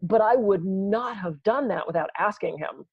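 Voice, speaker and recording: A woman's voice: medium pitch, moderate pace, slightly rough, no echo, lo-fi sound. A woman co-hosting a podcast, telling sarcastic jokey stories in casual chat. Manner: joking, sarcastic storyteller. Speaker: podcast co-host.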